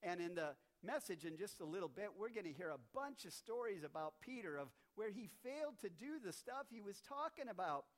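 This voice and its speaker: A man's voice: sits high, very animated, fairly quick, few pauses. Man telling a children's sermon story. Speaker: pastor.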